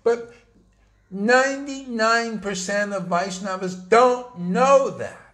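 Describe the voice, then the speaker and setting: A man's voice: high-pitched, a bit bright. A man giving an informal, emphatic sermon to his followers, talking conversationally with slangy asides. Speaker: spiritual teacher.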